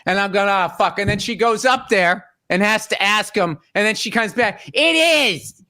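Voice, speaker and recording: His voice is high, steady, bright and forceful, moving at an ordinary speed. He's a middle-aged podcast host spinning an exasperated, foul-mouthed funny story about his wife.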